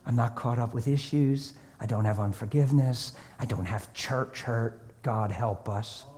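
A man preaching a sermon, telling stories and acting out conversations, swinging between hushed and loud. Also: medium pitch, measured pace. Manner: acts out dialogue in different voices. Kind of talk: sermon with storytelling.

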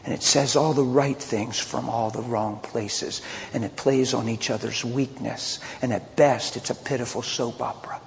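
Man, preacher, sermon storytelling, loud bursts and quiet asides, long reverb, faint room noise. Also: medium pitch, moderate pace, gravelly. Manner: animated, swings from loud outbursts to hushed confessions.

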